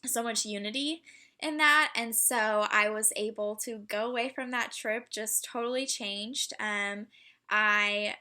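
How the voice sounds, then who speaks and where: A young woman with a bright, slightly high voice tells a personal story. She talks in an emotional, halting way, with many fillers and restarts. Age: young adult. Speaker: student speaker.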